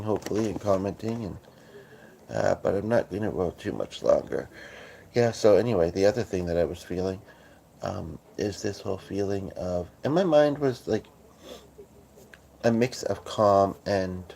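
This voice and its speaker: Groggy deep-voiced man rambling on a livestream. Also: creaky, dark tone, slight background noise. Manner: halting, many fillers and restarts. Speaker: livestream host. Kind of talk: casual rambling livestream chat. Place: at home on a couch.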